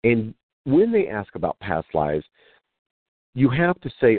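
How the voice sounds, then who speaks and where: A man with a low voice teaches spiritual ideas as a guest, telling stories and acting out quotes. His delivery swings widely in pitch. The sound is dry and narrow, as if heard over a phone. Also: wildly swooping pitch, a little slow, pauses often, dry recording. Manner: storytelling with acted-out quotes.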